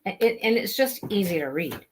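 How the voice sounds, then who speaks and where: Animated woman chatting about books. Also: medium pitch, a little fast, noisy background. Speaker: book discussion host. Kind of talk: casual live chat.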